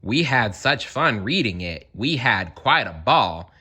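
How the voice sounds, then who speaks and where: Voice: mid-range voice, very animated, takes it slowly, pushed and bright, slightly rough. A storyteller reading a rhyming children's story aloud in a sing-song manner.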